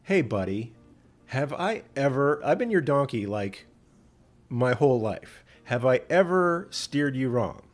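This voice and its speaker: A man's voice: medium pitch, very animated, a little slow, faint music behind. A man doing a plaintive talking donkey. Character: loyal, put-upon male donkey, plainspoken.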